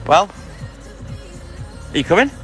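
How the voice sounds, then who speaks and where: Over music, a milkman streams live from his van on his round, speaking unhurriedly. He chats casually with his viewers and his dog, grumbling and swearing as he goes.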